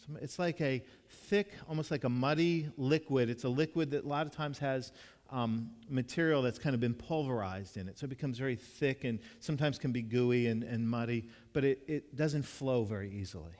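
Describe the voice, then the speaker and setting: A man delivers a sermon in a relaxed, conversational way, his mid-range voice carrying a long reverb from a large church hall. He tells his stories earnestly and often restarts or repeats a word before going on. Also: mid-range voice, normal speed. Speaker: pastor.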